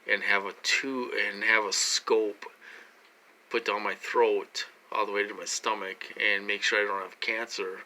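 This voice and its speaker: A man's voice: fairly low pitch, bright, forceful tone, a little hiss or hum. Rambling man vlogging from his room. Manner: rambling and repetitive, heavy with fillers. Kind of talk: casual vlog monologue.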